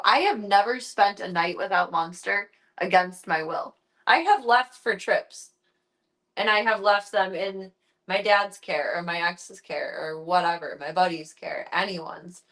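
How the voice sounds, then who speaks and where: A woman's voice: mid-range voice, a bit bright. Young woman chatting casually to her cat. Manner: talks baby talk to her cat between chat. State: tearful, close to crying. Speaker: streamer. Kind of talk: casual chat to her pet and viewers. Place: at home indoors. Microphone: handheld phone camera.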